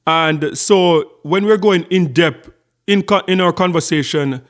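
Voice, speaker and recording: A man's voice: fairly high pitch, a little slow. A middle-aged Jamaican man hosting a casual vlog, telling a story in a chatty way with lots of repeated words. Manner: chatty storytelling with frequent repetitions. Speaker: channel host.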